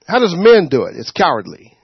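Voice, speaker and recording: A man leading a Bible study, preaching informally in an animated way, laughing and acting out quotes. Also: a little high, fairly quick, gravelly, slightly rough, no room sound. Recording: dull, muffled sound.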